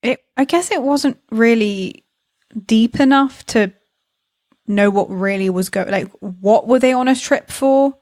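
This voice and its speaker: A woman's voice: fairly high pitch, darkish tone, dry recording. Woman from the Netherlands, podcast co-host, chatty, laughs a lot, dry close sound. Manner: chatty, laughs often, quick asides. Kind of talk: casual chat.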